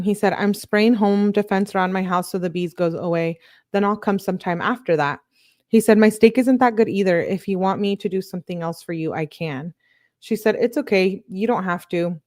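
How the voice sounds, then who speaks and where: A woman's voice: fairly low pitch, darkish tone. Woman reading texts with wry asides. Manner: casual, reacts with disgust and asides between messages. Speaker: true crime commentator. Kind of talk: reading text messages aloud with commentary.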